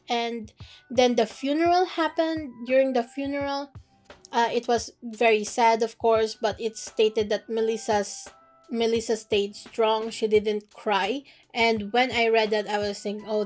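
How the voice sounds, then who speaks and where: Chatty young woman recapping a story. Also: fairly high pitch. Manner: chatty, animated retelling with fillers and acted quotes. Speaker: webcomic artist recapping a novel. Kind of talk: casual story recap while drawing. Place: home studio, drawing at desk.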